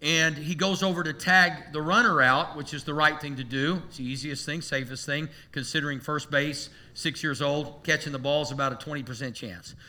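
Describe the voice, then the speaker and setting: A pastor preaching to his congregation with a very bright, ringing voice pitched a little high for a man. He spins a humorous story with animated, playful energy. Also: moderate pace, few pauses. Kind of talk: sermon.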